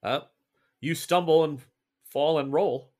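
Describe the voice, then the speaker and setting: A man running a tabletop horror game as game master, narrating slowly and deliberately. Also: on the high side, darkish tone. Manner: slow, deliberate descriptive narration.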